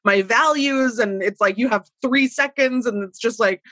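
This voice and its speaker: A woman's voice: a little high, moderate pace, dry recording, low-quality recording. A woman guest in casual conversation, talking animatedly and poking fun at herself. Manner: animated, self-deprecating, restarts often. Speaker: guest writer. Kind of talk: casual chat.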